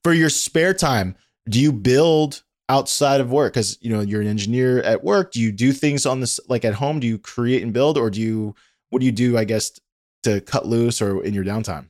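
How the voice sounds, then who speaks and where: A man hosts a casual podcast interview with energetic enthusiasm. He talks in a loose, chatty way full of fillers and quick asides. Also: mid-range voice. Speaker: podcast host.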